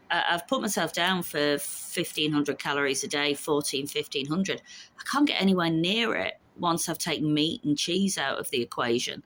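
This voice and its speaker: A woman's voice: sits low, a bit bright, slight background noise. A woman in her fifties chatting frankly and casually to camera about her week, with the odd swear word. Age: 50s. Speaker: vlogger. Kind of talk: casual chat.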